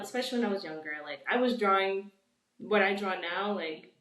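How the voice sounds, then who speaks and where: A woman's voice: medium pitch, moderate pace, fairly bright tone, recorded from a distance. Roomy-sounding woman rambling with lots of "like"s. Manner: rambling, filler-heavy, says "like" often. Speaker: guest artist. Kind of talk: casual interview chat. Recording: roomy, voice set back from the mic.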